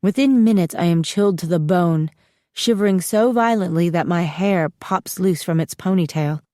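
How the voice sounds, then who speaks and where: A woman narrating a first-person audiobook with steady, even storytelling, recorded close in a dry studio. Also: lowish voice, moderate pace, no room sound.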